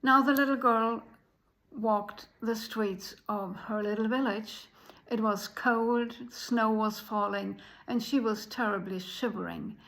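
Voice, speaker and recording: A woman telling a folk tale in an unhurried way, pausing often. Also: fairly high pitch, fairly even intonation, a bit bright, low-quality recording. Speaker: storyteller.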